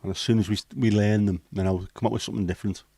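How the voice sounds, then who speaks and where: English bloke, low voice, sweary banter, livestream host, dry close mic. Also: male voice, steady tone, very fast, creaky, warm tone, no echo. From England. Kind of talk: casual live chat reading the chat.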